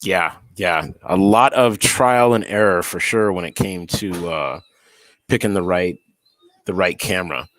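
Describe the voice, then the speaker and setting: A man's voice: low-pitched, unhurried. A man hosting a dash cam channel, chatting casually and acting out his reactions as he tells stories. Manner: animated storyteller, acts out reactions. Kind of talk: casual chat.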